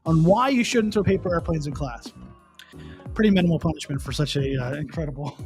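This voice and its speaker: A middle-aged man hosts a relaxed morning show and tells stories in an animated way. He restarts his sentences and often checks in with the listener. Faint music plays quietly beneath his voice. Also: a little high, a little fast. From Pennsylvania. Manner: animated, restarts and repeats, asks the listener questions. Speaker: host. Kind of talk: casual morning show storytelling.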